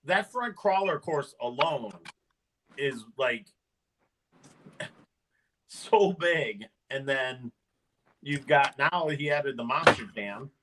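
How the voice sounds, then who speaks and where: A man's voice: on the high side, noisy background. A man chatting casually with friends, enthusiastic and laughing as he talks. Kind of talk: casual chat.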